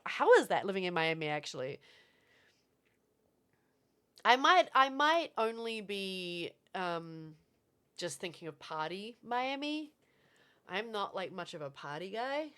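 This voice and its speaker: A young woman from Florida, streaming and chatting casually with viewers, animated and swearing now and then. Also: medium pitch. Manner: animated, swearing, reads out chat. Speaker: livestreamer.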